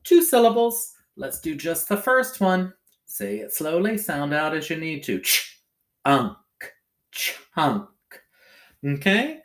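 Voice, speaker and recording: Slow, sing-song man teaching phonics. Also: a little high, lively intonation. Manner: slow, exaggerated sounding-out of syllables; ends phrases with a bouncy "okay?". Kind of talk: phonics lesson for young pupils.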